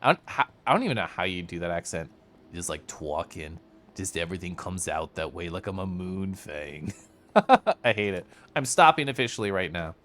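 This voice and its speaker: A young man streaming a game, chatting casually with his viewers in a flowing, animated monologue and laughing often. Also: deep voice, fairly quick. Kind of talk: casual live-stream chat while gaming.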